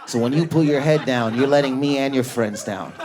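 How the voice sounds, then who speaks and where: A man doing a stand-up comedy set in a club, riffing on an audience member with raging, neurotic energy and lots of swearing, on a stage mic. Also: noisy background. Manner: high energy, profane, neurotic, rapid riffs. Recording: live club audience laughter.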